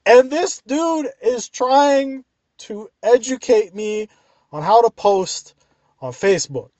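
A man telling a funny work story as a profane, exasperated rant, with animated delivery. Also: extremely high pitch, takes it slowly, no echo.

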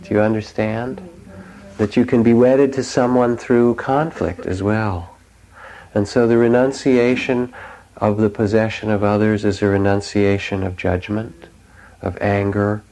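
A man gives a dharma talk in a low, gravelly voice. He speaks as a meditation teacher, gentle and reflective, telling stories with soft pauses between his thoughts. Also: low-quality recording.

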